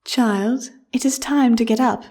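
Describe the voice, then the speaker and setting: A tender mare queen and expectant mother from a storybook, speaking warmly and softly to her child, as a woman narrator puts her on. Her voice is gentle and a touch raised, calm and coaxing. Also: fairly high pitch, normal speed, voice pushed up, close to an everyday voice. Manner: warm, soft, coaxing. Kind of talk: audiobook character voice.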